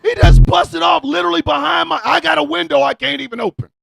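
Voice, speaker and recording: A man hosting a radio show, ranting loudly in a comic, excitable way, yelling and cursing. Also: extremely high pitch, quick pace, creaky, soft background music. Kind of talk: loud comic rant.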